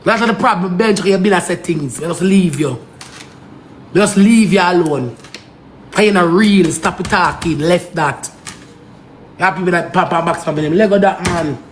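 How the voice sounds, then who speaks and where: A woman's voice: lowish voice, moderate pace, a little hiss or hum. A woman with a Jamaican accent on a heated livestream rant, pleading and scolding in patois and repeating herself. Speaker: social media live streamer.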